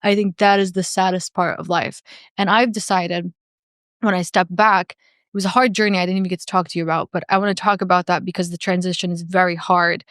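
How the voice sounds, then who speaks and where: A woman's voice: on the low side, little pitch movement, a little fast, fairly bright tone, dry recording, studio quality. A woman speaking as a podcast guest in a candid, earnest and reflective way, with frequent "like" fillers.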